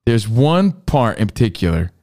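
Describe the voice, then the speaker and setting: Playful male podcast co-host, animated. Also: lowish voice, normal speed. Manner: laughing, playful storytelling. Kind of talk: casual comedic podcast banter.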